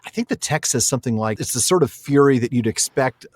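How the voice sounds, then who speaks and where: A man's voice: medium pitch, animated, fast talker, darkish tone, dry recording. A man co-hosting a podcast in casual chat, chatty and laughing often, quoting from a book. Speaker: podcast co-host.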